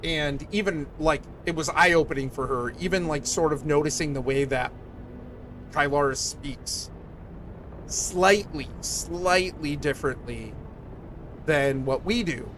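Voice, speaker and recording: Chatty Southwest Michigan man, higher voice. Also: unhurried, fairly bright tone, a little hiss or hum. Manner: rambling, filler-heavy, reads chat aloud. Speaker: streamer. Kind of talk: casual chat with viewers.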